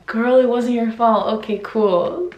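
Young woman vlogger, excitable and giggly, a bit high, recorded in an echoey room. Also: unhurried, lo-fi sound. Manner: excitable, giggly, squealing highs. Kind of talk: casual reaction vlog.

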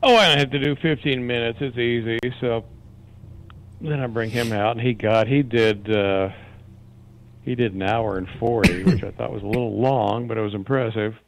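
A man's voice: mid-range voice, fairly even intonation, moderate pace, gravelly, slight background noise, low-quality recording. Man, comedian, co-host, easygoing, short replies, mid-range voice. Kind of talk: casual chat.

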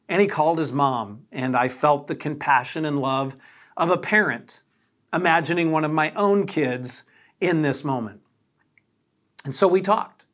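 Animated pastor telling a story. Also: male voice, on the high side. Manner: animated, dramatic retelling with acted-out quotes. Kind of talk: sermon storytelling.

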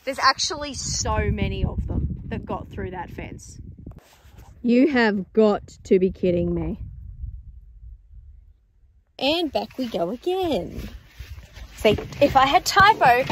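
A woman's voice: fairly high pitch, expressive, slow pace, pauses often, noisy background. A young Australian woman farmer talking casually outdoors on her farm, chatty and wry, now and then exasperated as she calls out to the sheep. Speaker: farmer vlogger. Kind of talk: casual vlog narration.

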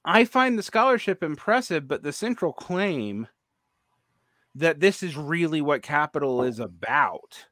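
A man's voice: a little high, very animated, unhurried, a bit bright, no room sound, clean studio sound. A man in his forties hosting a podcast, chatting casually, rambling and restarting often with many fillers. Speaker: podcast host. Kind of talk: casual conversation.

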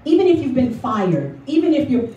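A woman giving a lively motivational speech at a luncheon, telling her story and calling for responses from the audience. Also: high-pitched, a little fast, muffled recording. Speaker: motivational speaker. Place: event hall at a luncheon. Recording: echoey hall recorded from far off.

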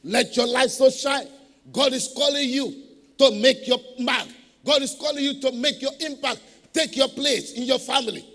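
High, bright-voiced preacher in a hall. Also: male voice, normal speed. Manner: emphatic preaching with call-and-response to the congregation. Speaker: pastor. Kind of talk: sermon.

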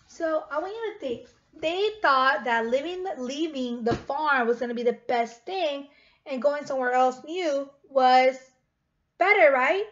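Woman, children's read-aloud, gently questioning, high voice, muffled recording. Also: expressive, unhurried. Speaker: teacher reading aloud.

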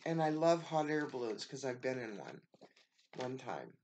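A woman's voice: rumbling low, very animated, moderate pace, a little mellow, slight background noise. A woman from the United States, a craft vlogger, opening a package in a casual show-and-tell and gushing with thanks over every piece.

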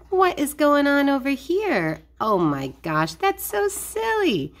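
A woman hosts a playful toy demonstration for toddlers. Her fairly high voice swings widely up and down in a sing-song way. She speaks slowly and clearly, as if talking to small children. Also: fairly bright tone. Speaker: host of a kids' learning video.

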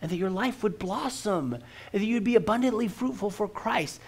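A man's voice: high-pitched, normal speed, husky. A middle-aged man, a pastor, preaching a sermon in an earnest way and often repeating words as he starts a sentence. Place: church.

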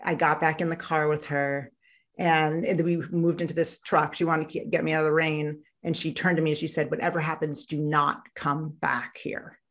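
A woman guest on an interview podcast, telling a painful childhood story in a halting, reflective way with many fillers and restarts. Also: sits low, level tone. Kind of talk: candid personal storytelling in an interview.

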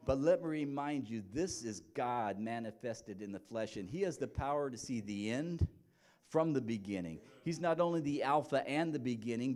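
A pastor preaches a sermon in a conversational way, often restarting his sentences. His voice sits at a middle pitch for a man, and he moves between quiet, reflective stretches and rising, emphatic passages.

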